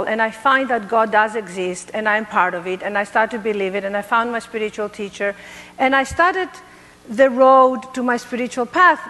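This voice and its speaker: A middle-aged woman from Greece with a Greek accent, telling her life story to an audience in an animated, playful way. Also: a little high, in a large hall. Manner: animated, playful, laughs at herself. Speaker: motivational speaker.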